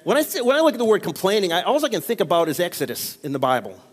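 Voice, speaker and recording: New guy preaching, pretty high voice, big echoey church hall, keeps asking amen?. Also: very animated, rapid-fire. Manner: call-and-response preaching, frequent amens. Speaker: pastor. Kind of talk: sermon. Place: church sanctuary. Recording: long reverb of a church hall.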